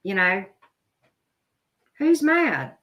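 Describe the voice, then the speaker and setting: A woman's voice: medium pitch, very animated, extremely slow, lo-fi sound. Chatty blunt woman reading tarot. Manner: chatty, blunt, talks straight to viewers. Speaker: tarot reader. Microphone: video camera.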